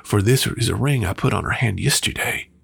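A man's voice: lowish voice, a little fast, creaky, a bit bright, breathy edge, exaggerated voice. A man voicing an older male country miller who speaks in a blunt, plain way. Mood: blunt, gruff.

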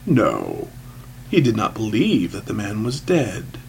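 A man's voice: fairly low pitch, huge pitch swings, slow pace, creaky, a little mellow, a little hiss or hum, poor audio. A man narrating a story from a script, with dramatic, shifting emphasis. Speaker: audiobook narrator.

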